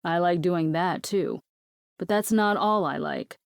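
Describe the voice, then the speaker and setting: A cocky, protective young man, voiced by a woman reading an audiobook. He talks bluntly and teasingly and swears freely, in a lowish voice with a dry, close sound. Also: a little slow, creaky, clear, resonant tone, dry recording. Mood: playful.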